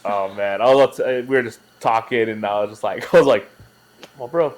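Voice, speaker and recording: A man's voice: lowish voice, normal speed. A man who coaches wrestling, chatting casually on a podcast and acting out funny exchanges with kids. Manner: animated storyteller, acts out exchanges with kids. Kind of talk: casual chat.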